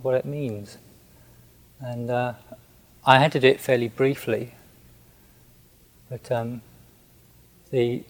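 A man who is a Buddhist monk, recounting a personal story in a gentle, hesitant way with many restarts. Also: mid-range voice, vocal fry, poor audio.

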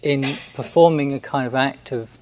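A man who is a Buddhist monk, recounting a personal story in a gentle, hesitant way with many restarts. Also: medium pitch, moderate pace, poor audio.

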